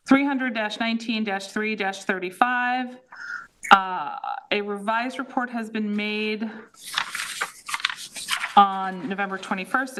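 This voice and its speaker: A woman chairing a town planning board meeting, reading resolutions aloud with brisk, informal asides. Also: medium pitch. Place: town hall meeting room. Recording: noisy town-hall meeting audio.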